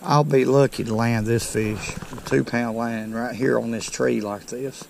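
A man's voice: mid-range voice, fairly even intonation, a little slow, creaky, slight background noise. A man hosting a fishing video outdoors by a creek, talking to viewers in a folksy, exclaiming way. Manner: folksy, exclaiming over each catch. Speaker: fishing channel host. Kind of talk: casual outdoor narration to viewers.

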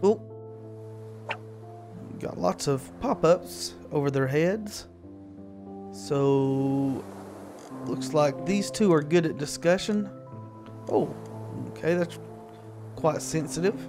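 A man giving relaxed, explanatory commentary while playing a video game. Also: fairly high pitch, takes it slowly, long pauses, music in the background. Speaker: gaming video host. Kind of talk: let's-play commentary.

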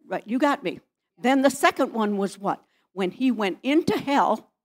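A woman pastor preaching in a church, firing rhetorical questions at the congregation. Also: medium pitch. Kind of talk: sermon.

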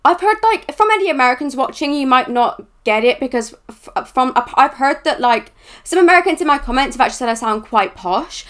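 A woman's voice: high-pitched, expressive, fairly quick, fairly bright tone. A young woman from southwest England with a West Country accent, rambling chattily as a reaction video host. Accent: West Country English. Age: young adult. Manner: rambling, filler-heavy, chatty. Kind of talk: casual reaction chat.

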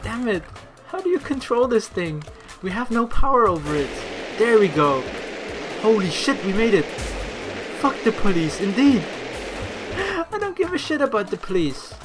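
A let's play gamer giving excitable gameplay commentary, swearing freely and laughing often, with game music playing behind. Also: medium pitch, moderate pace.

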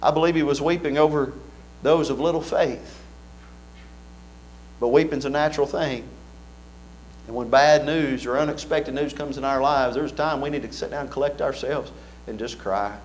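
A man's voice: medium pitch, fairly even intonation, normal speed, long pauses, slight background noise. A man preaching an earnest sermon in a church, building fervor with repeated phrases.

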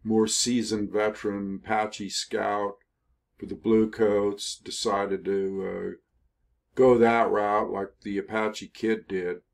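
An older man telling a history story in a casual, rambling way, with many pauses, fillers and self-corrections. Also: lowish voice, little pitch movement, gravelly. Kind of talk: casual spoken history narration over photos.

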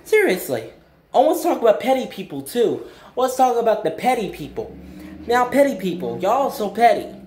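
A man's voice: sits high, sing-song, moderate pace, darkish tone, slight background noise. A young man ranting in a vlog, emphatic and blunt, repeating his points with slang. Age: young adult. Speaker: vlogger. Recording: echoey room.

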